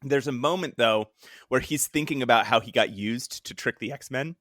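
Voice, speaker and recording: A man's voice: medium pitch, moderate pace, a bit bright, no echo, studio quality. A man co-hosting a comics podcast in casual chat, laughing often and acting out quoted lines. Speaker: podcast co-host.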